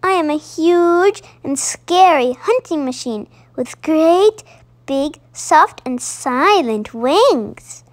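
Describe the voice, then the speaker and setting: A woman's voice: high-pitched, lively intonation, slow pace. A woman doing an indignant little baby owl. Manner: sulky and emphatic. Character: small, indignant baby owl insisting it is fierce.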